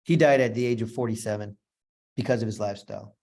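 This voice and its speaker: A man's voice: fairly low pitch, steady tone, fast, creaky, darkish tone. A man speaking as a motivational speaker, telling a personal story to an audience in an earnest, repetitive, emotional way. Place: room with a live audience.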